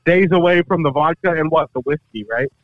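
A man's voice: a little high, a little fast, dry recording, phone-quality sound. A man co-hosting a podcast in casual, profane chat, joking and laughing often. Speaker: podcast co-host.

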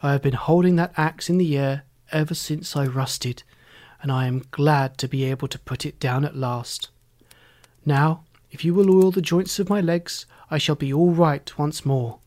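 A storybook reader voicing a polite, grateful man made of tin, speaking louder and slower with emphasis. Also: mid-range voice, fairly even intonation, lightly acted.

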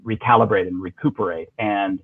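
Husky man on a tinny phone line. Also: fairly low pitch, steady tone, fairly quick, no room sound. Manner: thoughtful, hesitant, many fillers and restarts. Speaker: guest. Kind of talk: political interview.

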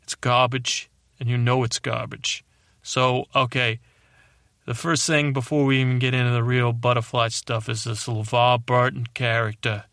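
A man doing a cranky, loudmouthed male butterfly with a put-on tough-guy accent, ranting and rambling at humans in a comedic monologue. The voice sits in a middle pitch and sounds close and dry, with no room around it. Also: no echo, natural voice.

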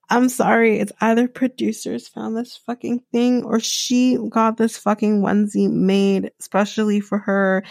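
A woman's voice: mid-range voice, vocal fry, no echo, clean studio sound. Blunt, profane woman ranting. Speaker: podcast host recapping a reality show. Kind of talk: casual solo recap.

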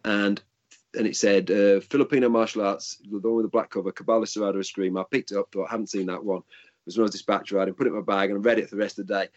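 A man's voice: fairly low pitch, fairly even intonation, fast, muffled recording. A middle-aged man who coaches martial arts, chatting casually and telling rambling stories. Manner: rambling storyteller, restarts sentences. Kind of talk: casual chat.

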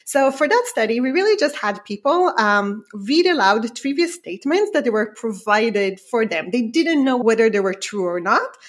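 Woman guest with a non-native accent, lively researcher explaining a study; high-ish voice, very animated intonation. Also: moderate pace, hardly any pauses. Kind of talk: interview explanation.

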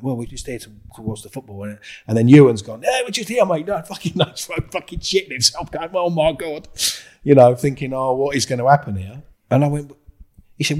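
A man's voice: lowish voice, slightly rough. A man with a London accent, a guest on a podcast, telling a story with acted-out dialogue and frequent swearing. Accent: London English. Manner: animated storyteller, acts out dialogue, swears freely.

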